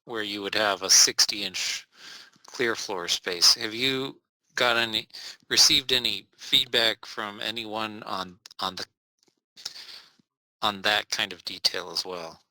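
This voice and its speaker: A man's voice: lowish voice, takes it slowly, sharp tone, no room sound, rough recording. A man in the audience politely asking a presenter a detailed question.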